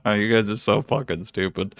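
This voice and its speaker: A man's voice: lowish voice, no room sound, clean studio sound. A man hosting a live trading stream from his home office, chatting casually with viewers, swearing freely, laughing often and teasing the chat.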